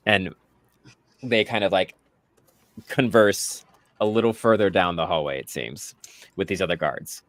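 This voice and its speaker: A man's voice: normal speed, long pauses, no room sound. A man running a tabletop game as game master, narrating and jumping into squealing guard voices. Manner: lively, jumps into squealing high guard voices.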